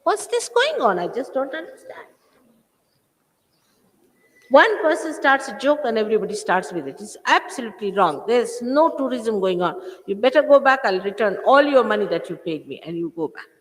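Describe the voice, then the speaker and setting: Woman, sixties, lecturing and scolding a crowd, lively swinging pitch, old roomy recording. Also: normal speed. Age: 60s. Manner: scolding, emphatic, full of rhetorical questions. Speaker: spiritual teacher. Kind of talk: spiritual talk to followers. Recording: echoey hall, old 1980s recording.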